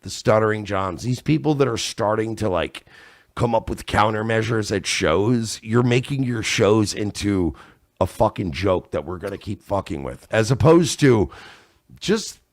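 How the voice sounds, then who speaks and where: A man chatting casually as a podcast guest, animated and fond of acting out other people. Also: on the low side, unhurried, no echo, studio quality. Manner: animated, acts out others in loud voices. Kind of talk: casual chat.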